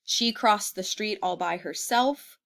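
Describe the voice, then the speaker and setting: A woman's voice: mid-range voice, slow pace, a bit bright. A woman teacher giving a classroom grammar lesson, patient, often checking in with students and using fillers. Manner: patient, with frequent "okay?" check-ins and fillers.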